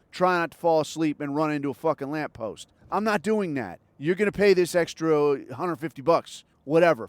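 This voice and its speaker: High-pitched, profane older man ranting. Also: clean tone, no room sound. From Southern California. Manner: angry, profane, sarcastic. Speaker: podcast host. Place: in a car while driving.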